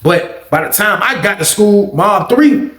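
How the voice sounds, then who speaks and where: Animated, profane man telling a story. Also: sits high, a little slow, echoey room. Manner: profane, animated, repeats "you know what I mean". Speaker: storytelling vlog host. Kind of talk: casual storytelling.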